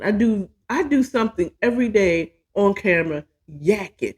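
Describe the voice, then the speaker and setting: On her own show, a podcast host tells a personal story with candor and profanity, chatting away and frequently mocking herself. Her mid-range voice is animated and slightly mellow, at a moderate pace with hardly any pauses.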